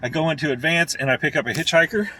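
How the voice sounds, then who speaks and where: A man's voice: a little high, fast, sharp tone, slight background noise. Plainspoken man talking through car work. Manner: rambling, plainspoken, mutters while working. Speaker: car hobbyist vlogger. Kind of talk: casual talk while working on a car.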